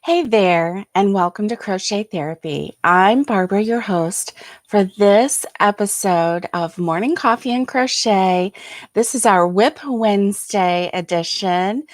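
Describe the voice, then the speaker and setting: An older woman hosting a casual livestream from her chair at home, talking softly and haltingly with many ums, tired and yawning. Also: medium pitch, no echo, studio quality. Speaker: host.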